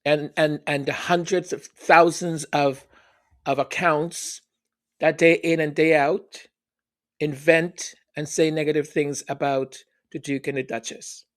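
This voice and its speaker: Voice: mid-range voice, level tone, a little slow. A commentary host speaking sarcastically, with emphatic rhetorical questions. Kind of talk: opinion commentary.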